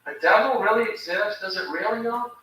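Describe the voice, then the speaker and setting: A man's voice: high voice, a little fast, sharp tone, very echoey, far from the mic, a little hiss or hum, low-quality recording. A man performing a sardonic stand-up routine, mocking as he goes. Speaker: stand-up comic.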